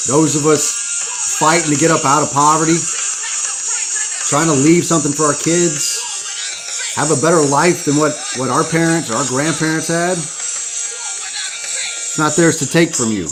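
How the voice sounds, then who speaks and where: With long pauses and a somewhat slow delivery, this man's fairly high, expressive voice carries a fired-up live-stream monologue on his podcast, music playing behind him. His tone is preachy and profane as he rallies the listener.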